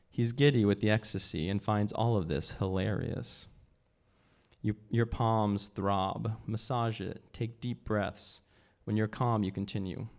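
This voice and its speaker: Man reading fiction aloud, low voice. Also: fairly even intonation, vocal fry, darkish tone. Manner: measured, voices dialogue with pitch jumps. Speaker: author reading his novel. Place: live reading event.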